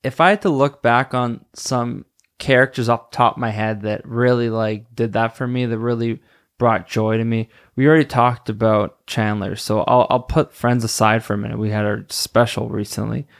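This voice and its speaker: A man's voice: mid-range voice, level tone, moderate pace, creaky. Dude chatting solo on his podcast, laughs a lot, keeps forgetting names. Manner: rambling, laughs often, searches for names. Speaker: podcast host. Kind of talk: casual solo podcast chat.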